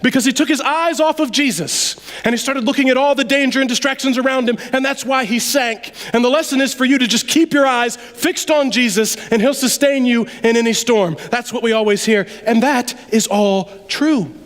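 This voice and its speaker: A man delivers a sermon in a church sanctuary. He talks to the congregation in a lively, conversational way, sometimes dropping to a near-aside. His voice carries a long reverb from the large hall. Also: very high-pitched, normal speed, hardly any pauses. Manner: conversational, animated preaching with sudden drops to quiet. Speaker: preacher.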